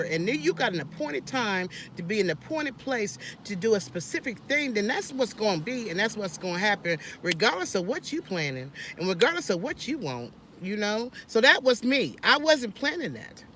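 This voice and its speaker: A woman talks in a casual, preachy vlog, animated and sermon-like, often restarting her sentences. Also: mid-range voice, background noise. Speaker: vlogger.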